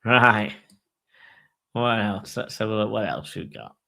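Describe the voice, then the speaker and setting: A man hosting a casual live chat with a bright, forceful voice. He thinks aloud, swears freely and reads specs and prices in an easy, offhand way. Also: fairly low pitch, expressive, unhurried, gravelly. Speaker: host.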